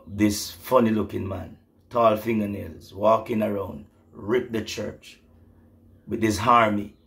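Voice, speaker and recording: A man's voice: on the low side, fairly even intonation, slow, a bit bright. A middle-aged man preaching an emotional prophetic sermon, rising to fervent exclamations.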